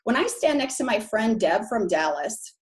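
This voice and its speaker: A woman's voice: a little high, very animated, moderate pace. Chatty Minnesota-accented woman presenter. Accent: Minnesota, long O's. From Minneapolis, Minnesota, USA. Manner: frank, chatty, keeps asking the audience "right?". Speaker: presenter on brand building for real estate agents. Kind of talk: live presentation to an audience.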